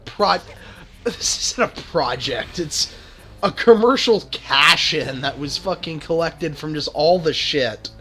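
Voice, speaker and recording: Streamer man, bright and slightly high voice, sardonic swearing banter, faint music behind. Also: lively intonation, takes it slowly. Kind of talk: casual gaming chat.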